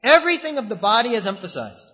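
A man's voice: extremely high pitch, very animated, quick pace, bright, forceful tone. A man giving a sermon in a mosque hall, using rhetorical questions and repetition with shifting emphasis. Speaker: preacher. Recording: dull sound with long hall reverb.

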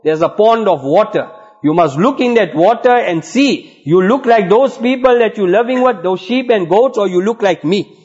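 A man's voice: high-pitched, expressive, normal speed, a little mellow, breathy edge. A man voicing a wise, brotherly male lion from the jungle, urging and earnest, in a sermon story. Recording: dull lo-fi recording.

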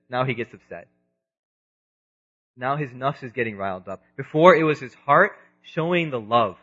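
A man in his thirties giving an earnest religious lecture, moving between loud emphasis and quiet asides, in a dull lo-fi recording. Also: fairly high pitch, expressive, fairly quick. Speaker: preacher.

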